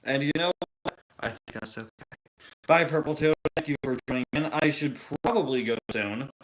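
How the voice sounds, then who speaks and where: A man's voice: mid-range voice, a little fast, noisy background. A man chatting casually during a live Q&A stream, rambling and restarting his sentences. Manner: rambling, hesitant, many restarts. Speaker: toy review streamer.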